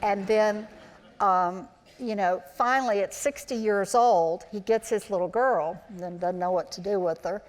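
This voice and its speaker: On stage at a live interview in a big auditorium, a former child actor in her sixties chats through anecdotes and performs the voices she quotes. She speaks at medium pitch, a little slowly. The recording carries the long reverb of the live hall.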